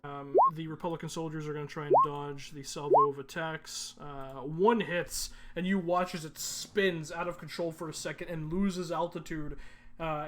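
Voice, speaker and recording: A man narrating as game master of a tabletop game, pausing often with ums and uhs. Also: on the high side, fairly bright tone. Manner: halting, many ums and uhs.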